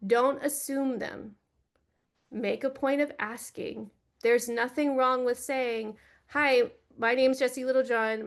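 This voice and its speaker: A woman's voice: a little high, vocal fry. A woman giving an earnest, direct teaching talk for a church, speaking into a computer microphone on a video call. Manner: earnest, direct, gently instructive.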